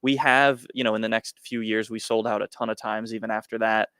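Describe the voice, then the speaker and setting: A man's voice: on the low side, steady tone, a little fast, a bit bright, smooth, dry recording, clean studio sound. A man being interviewed as an entrepreneur on a podcast, answering in a plain, matter-of-fact way with frequent "um" and "uh.". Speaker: guest entrepreneur.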